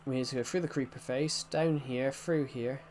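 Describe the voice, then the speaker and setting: A man's voice: mid-range voice, fairly even intonation, moderate pace, darkish tone, slight background noise. A young man from England with an English accent, chatting casually while live-streaming a game, rambling, repeating himself and restarting his sentences.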